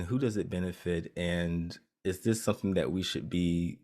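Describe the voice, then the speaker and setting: A man's voice: low voice, normal speed, hardly any pauses. A man co-hosting a casual chat podcast, talking loosely with many ums and restarts. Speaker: podcast co-host.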